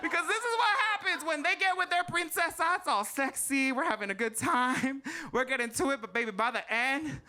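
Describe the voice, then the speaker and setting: A man in drag delivers a brash, foul-mouthed stand-up set in a high, bright voice. He is sassy and quick to laugh at his own jokes, and the live stage recording carries a steady layer of noise. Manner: brash, sassy, swearing, loud laughing asides. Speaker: drag queen stand-up comedian. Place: live comedy stage before an audience.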